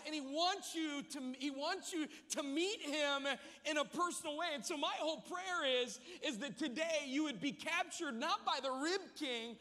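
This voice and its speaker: High-voiced bright preacher in a big hall. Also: male voice. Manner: energetic storytelling with jokes. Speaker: pastor. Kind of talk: sermon. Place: large church hall.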